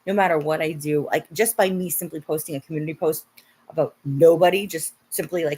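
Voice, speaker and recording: A woman hosting a casual livestream, talking to her viewers and guests in an animated way, swearing often and mocking her critics in put-on voices. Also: deep voice, moderate pace, husky. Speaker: livestream host.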